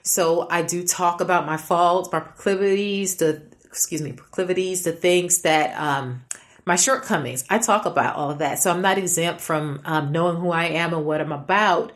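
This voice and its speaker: A woman's voice: lowish voice, normal speed. A middle-aged woman hosting a podcast, telling a candid personal story with quoted voices and small laughs. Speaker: podcast host.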